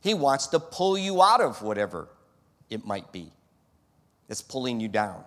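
A man preaching a sermon in an animated style, who fires off rhetorical questions and acts out scenes. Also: medium pitch, measured pace. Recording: long hall reverb.

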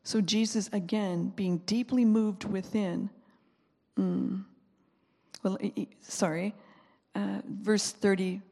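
A woman preaching a sermon with deep emotion, sometimes dropping to a whisper and sometimes rising to an impassioned plea. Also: steady tone, slow pace, gravelly, pauses often, darkish tone, long reverb tail. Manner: emotional, drops to whispers and rises to impassioned pleas.

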